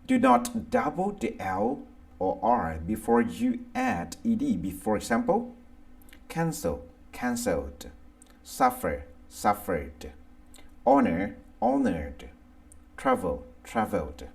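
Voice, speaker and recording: Thai-accented man teaching english grammar, really slow, low gravelly voice, pitch jumps around a lot. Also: wildly swooping pitch, darkish tone. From Thailand. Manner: slow, deliberate, reads word lists aloud one by one. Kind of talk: slow scripted grammar lesson.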